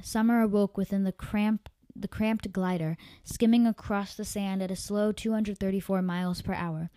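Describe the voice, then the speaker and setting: A woman's voice: medium pitch, warm tone, dry recording. Woman reading her story with small slips. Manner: amateur reading with slips and self-corrections. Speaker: podcast storyteller.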